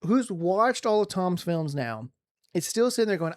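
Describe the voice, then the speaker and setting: Excited rambling man on a podcast. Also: high-pitched, moderate pace. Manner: excited, rambling, restarts often. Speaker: podcast co-host. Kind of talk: casual movie review chat.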